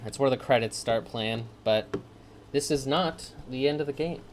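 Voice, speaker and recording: A man's voice: medium pitch, steady tone, fairly quick, slight background noise. A man giving gameplay commentary, ranting in a profane, sarcastic way. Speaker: let's play host.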